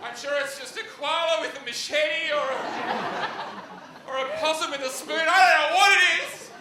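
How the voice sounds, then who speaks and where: A man voicing a terrified young male camper who shouts nervous threats into the dark, in a panicky way. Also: very high voice, normal speed, crowd noise, pitched above the performer's own voice. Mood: nervous bravado. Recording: echoey hall with loud background noise.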